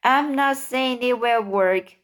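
A woman's voice: fairly high pitch, takes it slowly, fairly bright tone, clean tone. A woman doing a hesitant young boy. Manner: hesitant, apologetic.

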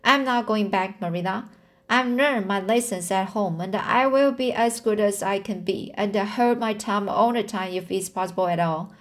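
A woman reading aloud the lines of a stubborn, dramatic young orphan girl in an earnest, halting way. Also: medium pitch, lightly acted.

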